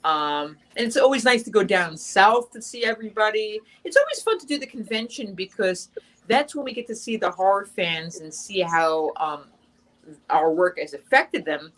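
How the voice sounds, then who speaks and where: A young adult woman, the guest actress in an interview, chats casually in long runs full of fillers and restarts. Her medium-pitched voice is expressive and a bit bright, moving at normal speed, and the recording quality is low.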